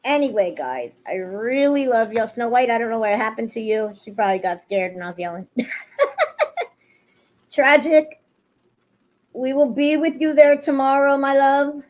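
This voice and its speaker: A woman's voice: fairly high pitch, moderate pace. Emotional woman streaming live. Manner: emotional, swings into angry ranting. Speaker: livestream host. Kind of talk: casual livestream chat to viewers. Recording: lo-fi livestream audio.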